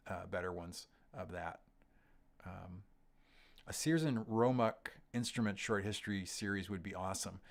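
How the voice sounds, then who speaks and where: Deep-voiced man chatting loosely on a livestream. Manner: relaxed, rambling, frequent ums and restarts. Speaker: host of a gear livestream. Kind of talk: casual livestream chat reading comments.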